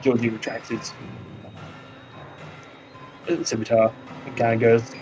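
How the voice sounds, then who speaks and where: A man's voice: mid-range voice, normal speed, soft background music. Australian man narrating as game master. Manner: relaxed, loose narration with many fillers. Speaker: dungeon master. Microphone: podcast microphone.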